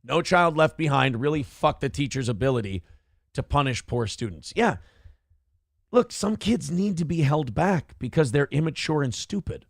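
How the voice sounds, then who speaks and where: A man's voice: a little high, lively intonation, moderate pace, creaky, no room sound, clean studio sound. A man hosting a livestream talk show. He reads viewer comments aloud and rants with plenty of profanity. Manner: ranting and profane. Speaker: live show host.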